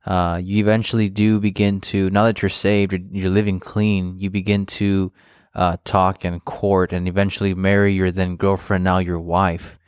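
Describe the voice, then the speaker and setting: Deep, flat-voiced male podcast host. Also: moderate pace, clear, resonant tone, dry recording, studio quality. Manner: calm, affirming, recapping the guest's story. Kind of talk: interview.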